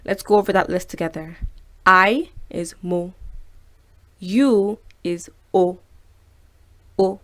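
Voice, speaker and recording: Woman teaching pronouns, slow and repeated. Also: fairly low pitch. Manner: slows down and repeats each word to model pronunciation; chatty, with fillers. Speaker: language teacher and host. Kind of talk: casual video lesson.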